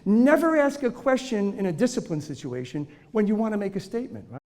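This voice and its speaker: A man's voice: high voice, big pitch swings, fairly quick, darkish tone. A man giving a humorous lecture to teachers on children's behavior, joking, laughing often and acting out examples.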